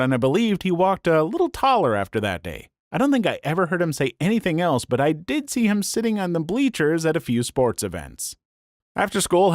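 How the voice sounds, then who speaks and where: A man narrating online stories in a scripted, lively and comic way. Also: a little high, no echo, studio quality. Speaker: story narrator.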